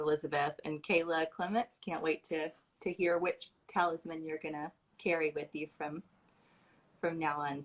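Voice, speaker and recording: A woman's voice: on the low side, low-quality recording. A woman hosting a livestream at home, reading out scholarship nominations in an informal way with asides, fillers and restarts. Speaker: host announcing scholarship recipients. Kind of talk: casual livestream talk.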